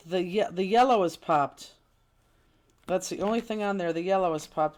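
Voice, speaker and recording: A woman teaches a live online crafting class, chatty and casual, exclaiming and fretting as she hunts for things and sometimes drifting away from the mic. Her voice is lowish and a little mellow, at normal speed.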